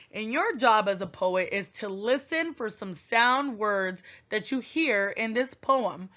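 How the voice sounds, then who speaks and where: Patient woman teacher, lively voice. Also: a little high, lo-fi sound. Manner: patient, clear, repeats instructions, reads poem expressively. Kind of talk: recorded classroom lesson for young children.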